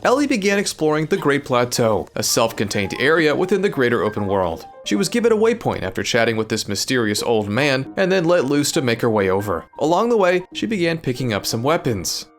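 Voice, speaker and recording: Man, gameplay narrator, expressive, animated pitch, faint music underneath. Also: fairly quick, few pauses. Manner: lively, explanatory narration. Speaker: gaming video host and narrator.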